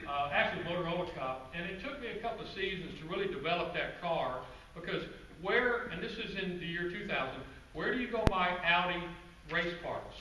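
A man giving a guest-speaker presentation to a club audience, telling stories in a relaxed, conversational way with asides to the crowd. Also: high-pitched, a little fast, hardly any pauses. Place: meeting room with an audience. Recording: roomy, distant, faint background noise.

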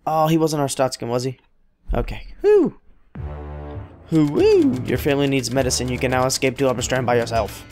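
A man's voice: medium pitch, little pitch movement, fast talker, soft background music. A man casually commenting on his own gameplay, rambling and joking as he talks to the characters on screen. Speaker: let's play host.

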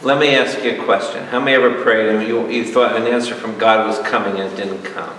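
A priest leading a Bible study, animated and jokey, quizzing his audience. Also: lowish voice, brisk. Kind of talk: lively Bible study teaching. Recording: echoey hall, mic far off, noisy.

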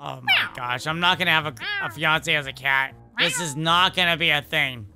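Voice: medium pitch, normal speed, music in the background, natural voice. A performer voicing an exasperated male animatronic fox scolding his cat-form fiancee in a fan game role-play, exclaiming and pleading.

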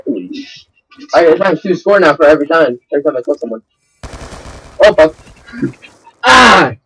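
A young man chatting casually while playing an online shooter, excitable and swearing often. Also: a little high, moderate pace, slightly rough, rough recording. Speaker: gamer. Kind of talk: casual gameplay chat.

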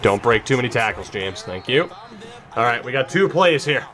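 A young man commentating his own football video game, emotional and swearing, going from tense muttering to high yelling. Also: big pitch swings, normal speed. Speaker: gaming YouTuber. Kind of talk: gameplay commentary.

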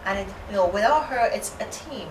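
A woman's voice: mid-range voice, animated, brisk. A woman host chatting and praising her guest in conversation. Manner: warmly praising, talkative. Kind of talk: casual chat. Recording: roomy and distant with background noise.

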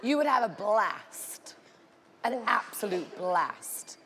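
A woman's voice: medium pitch, sing-song, slow, a bit bright. A woman coaching on a TV talent show, bubbly and gushing, often laughing. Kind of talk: casual banter on a TV talent show. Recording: noisy studio with audience.

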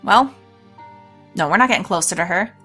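A woman's voice: lowish voice, animated, moderate pace, sharp tone, slightly rough, faint music behind. A woman hosting a let's play, reading a storybook game aloud with chatty, laughing asides. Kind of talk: let's play narration and commentary.

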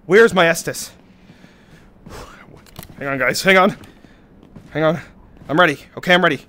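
Loud, animated male game streamer. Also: high voice, normal speed, pauses often. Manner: loud reactive yelling with mock-heroic boasts. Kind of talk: live game stream commentary. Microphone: desk mic.

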